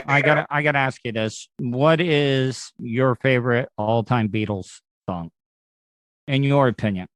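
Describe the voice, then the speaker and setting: A man's voice: medium pitch, unhurried, a bit bright, no room sound. A man hosting a podcast, asking blunt questions with stammers and restarts. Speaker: podcast host. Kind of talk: casual podcast interview.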